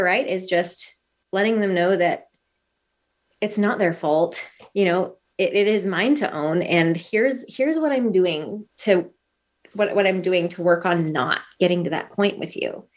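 A woman in her thirties, a podcast guest, talking earnestly and telling stories with lots of quoted dialogue. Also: mid-range voice. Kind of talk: casual podcast conversation.

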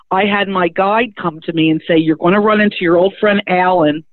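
A spiritual medium telling a personal story in a chatty, animated way, acting out the voices they quote. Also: medium pitch, no room sound. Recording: tinny phone-like dry sound.

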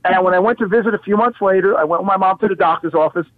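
A man with a high voice talks emphatically, tossing out rhetorical questions as he tells his story. The sound is dry and tinny, like a phone line. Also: rapid-fire, dry recording. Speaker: guest, health practitioner. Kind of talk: animated storytelling on a talk show.

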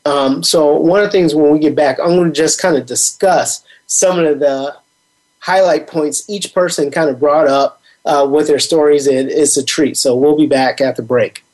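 A man's voice: on the high side, steady tone, normal speed, a little mellow. A man hosting a sports talk radio show, talking in a rambling, casual way with plenty of fillers. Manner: rambling, conversational, many fillers.

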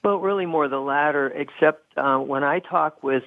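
Gravelly man on a tinny phone line. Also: a little high, dry recording. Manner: thoughtful, halting with restarts. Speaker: guest, coach and former hospital executive. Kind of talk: phone-in interview.

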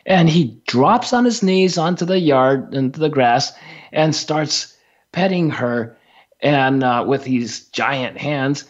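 Slow halting man telling a story. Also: on the high side. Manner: slow, halting with many fillers and restarts. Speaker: radio show guest teacher. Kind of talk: storytelling on a talk radio show. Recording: dull lo-fi radio audio.

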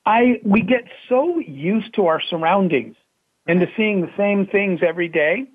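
A man, a company CEO, telling a lively anecdote in an interview, acting out voices and laughing often. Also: sits high, measured pace. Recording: tinny phone-like line.

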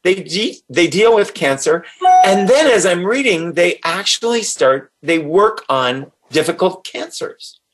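A man telling his own story as an interview guest in an animated, excited way. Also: sits high, unhurried. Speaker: guest, author. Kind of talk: personal storytelling.

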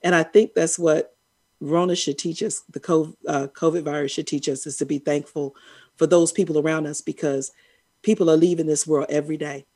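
A middle-aged woman, co-hosting a casual chat, animated and quick to laugh and tease. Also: low-pitched. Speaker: co-host.

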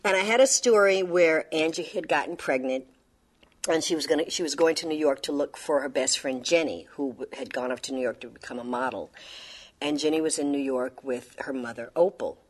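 A woman, a guest actress, telling an interview anecdote with animated, laughing storytelling. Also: sits low, brisk, husky.

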